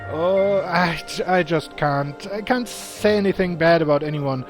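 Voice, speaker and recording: A man's voice: on the high side, unhurried, natural voice. A man voicing a timid, sweet young woman who hesitates and tries to please, reading game dialogue aloud. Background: game music.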